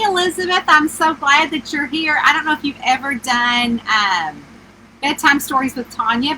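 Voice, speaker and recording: A middle-aged woman with a high, squeaky, twangy voice, chatting on a phone livestream from a small camper and greeting viewers by name. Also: sharp tone, a little hiss or hum, poor audio. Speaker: author hosting a livestream. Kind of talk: casual live-stream chat. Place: inside a small camper with the air conditioner running.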